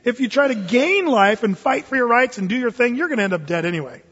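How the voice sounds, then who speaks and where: A man preaching a lively, jokey sermon as pastor, acting out little scenes for his church. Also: extremely high pitch, quick pace, breathy edge. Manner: animated, jokey, acts out voices. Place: church hall. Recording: echoey hall, dull lo-fi sound.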